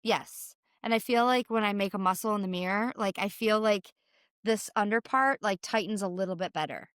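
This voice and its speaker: A woman's voice: medium pitch, moderate pace, fairly bright tone, smooth, dry recording, clean studio sound. A woman co-hosting a casual podcast, chatty and full of "like", who acts out inner thoughts as she explains.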